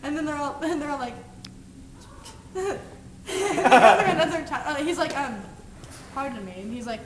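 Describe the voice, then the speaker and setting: A woman's voice: high-pitched, lively intonation, moderate pace, far from the mic. A young woman casually retelling a movie scene to friends, rambling with lots of "like" and frequent giggles. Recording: echoey room with noise.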